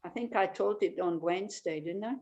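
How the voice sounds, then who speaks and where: A woman's voice: medium pitch, brisk, highs cut off. Woman teaching a meditation class online. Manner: warm storytelling, many "you know" fillers. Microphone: video call.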